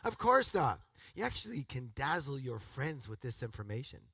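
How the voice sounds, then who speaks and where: A man delivers an energetic, emphatic motivational seminar to a live audience, often having the crowd answer or repeat after him and erupting in loud, punchy exclamations. His voice is medium-pitched, creaky and husky at a moderate pace, with no echo.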